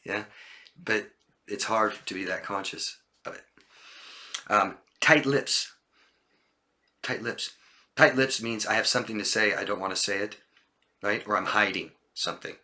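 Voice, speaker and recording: Man, coach, bright tone, casual talk to camera, acts out examples. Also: lowish voice, normal speed, pauses often. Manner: demonstrative, acts out liars' lines in a raised voice.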